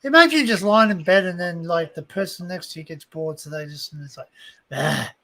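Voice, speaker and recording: High-voiced crude joking man. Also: expressive, a little fast, sharp tone. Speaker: livestream panel guest. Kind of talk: casual livestream chat.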